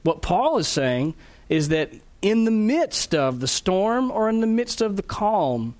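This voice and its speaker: Man preaching an earnest sermon. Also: fairly high pitch. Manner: earnest teaching, slows down to stress key phrases; restarts and repeats words. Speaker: pastor.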